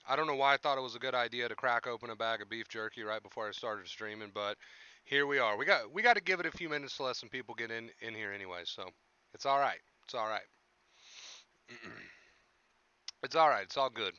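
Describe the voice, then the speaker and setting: A man's voice: medium pitch, sharp tone, clean tone, no echo, highs cut off. A young man hosting a casual livestream, chatting with viewers and coaching them on anxiety, often repeating his phrases. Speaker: livestream host talking about anxiety.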